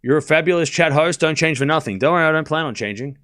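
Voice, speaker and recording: A man's voice: fairly high pitch, clean tone. A man with an Australian accent commentating tennis on a live stream, chatting with viewers between points. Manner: animated, chatty, quick play-by-play bursts.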